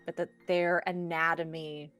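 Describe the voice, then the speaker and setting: Woman GM, slow unhurried narration, hushed storyteller delivery, faint music bed. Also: fairly low pitch, flat delivery, clear, resonant tone. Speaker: game master. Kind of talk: narrating a tabletop game.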